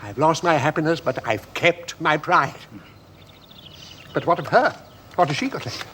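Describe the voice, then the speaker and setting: In a 1970s television play, an actor with a slightly high, somewhat bright, natural voice speaks at normal speed as an earnest, formal man talking about duty with pompous solemnity. The old television sound carries a faint hiss.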